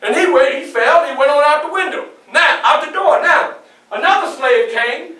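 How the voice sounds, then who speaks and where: A man performing as Frederick Douglass, telling his story in the first person with animated, often shouted storytelling to a live audience. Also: extremely high pitch, moderate pace, recorded from a distance. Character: Frederick Douglass, a defiant young man escaping slavery. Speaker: historical portrayer. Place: public library event room. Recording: echoey room, mic from afar.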